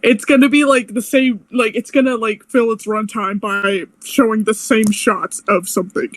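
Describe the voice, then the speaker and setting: A woman's voice: on the high side, fairly even intonation, moderate pace. A woman co-hosting a podcast in casual chat, laughing often and filling her talk with "like". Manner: giggly, full of "like" fillers. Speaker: podcast co-host.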